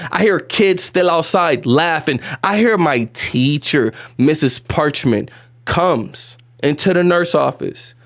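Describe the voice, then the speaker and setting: A man with a notably high-pitched voice tells a painful childhood story straight into the camera. He is animated and repetitive, drops slang and swears, and sounds close to tears throughout. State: emotional, on the edge of tears. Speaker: vlogger telling a personal story. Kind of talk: emotional storytime monologue.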